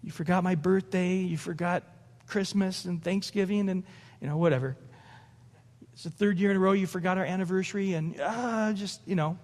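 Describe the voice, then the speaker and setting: A middle-aged pastor, his voice high and darkish, preaches an evening sermon at a moderate pace. He keeps it conversational, laughing and playing out little exchanges, and the sanctuary adds a long hall reverb.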